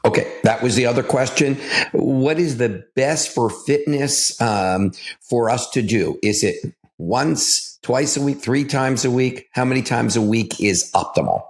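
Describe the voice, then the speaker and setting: A man's voice: medium pitch, unhurried. A man hosting a health show, chatting with his guest in a friendly way, agreeing with her and asking questions. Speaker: doctor, show host. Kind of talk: casual interview talk.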